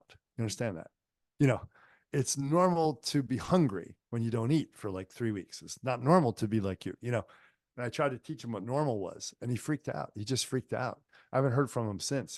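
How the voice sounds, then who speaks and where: A male healing teacher gives a storytelling lecture, sharing anecdotes conversationally and using lots of fillers. His middle-pitched voice has a darkish tone, captured close and dry on an online lecture microphone with no room sound.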